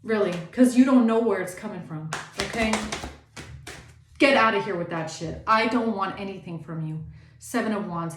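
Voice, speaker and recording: A woman's voice: mid-range voice, normal speed, roomy sound, a little hiss or hum. A woman tarot reader giving a blunt, indignant reading and swearing freely.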